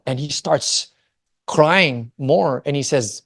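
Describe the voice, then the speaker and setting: A man in his forties from the Philippines, giving a Christian family talk and telling a personal story with lively, animated delivery and frequent questions to the audience. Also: a little high, slow pace, gravelly. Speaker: family ministry speaker.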